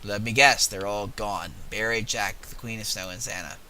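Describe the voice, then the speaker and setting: A young man giving casual, profane, excitable commentary while playing a video game. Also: on the low side, normal speed, slight background noise. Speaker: gaming video host.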